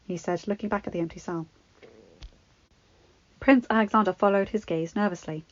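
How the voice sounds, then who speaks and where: A woman reading fan fiction aloud in a steady, expressive storybook narration. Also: lowish voice, fairly quick, dry recording, lo-fi sound.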